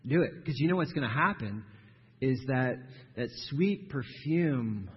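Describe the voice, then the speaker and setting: A man preaching a sermon, emphatic, building to forceful stressed phrases and repeating words. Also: medium pitch, lively intonation, a little slow, husky. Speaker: pastor. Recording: dull sound with long hall reverb.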